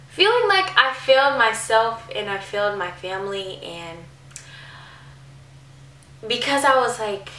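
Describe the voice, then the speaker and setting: A bright-voiced woman in her twenties opens up in a confessional vlog, full of "like" and "um", her emotion close to the surface. She sounds a little distant from the mic in a roomy, echoing space. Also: mid-range voice, animated, a little slow, long pauses, a little hiss or hum. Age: 20s. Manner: emotional, confessional, many fillers. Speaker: vlogger. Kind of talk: candid personal vlog.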